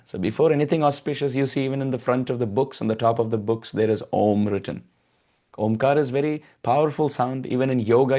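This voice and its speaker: Guy giving a devotional talk, storytelling, chants sanskrit verses, gets lively. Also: mid-range voice. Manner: animated storyteller, acts out baby voices and chants Sanskrit verses. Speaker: spiritual speaker. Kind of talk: devotional discourse.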